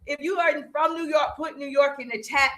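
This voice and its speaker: A woman from the American South with a Southern accent, a business coach giving an energetic motivational talk on a live stream, repeating phrases and speaking straight to her viewers. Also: high voice, moderate pace, raised voice.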